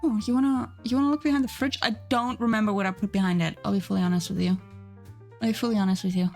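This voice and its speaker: A woman's voice: medium pitch, steady tone, very fast, a little mellow. A young adult woman chatting casually on a live stream while she draws, bubbly and giggly, thanking viewers as she goes. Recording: faint music underneath.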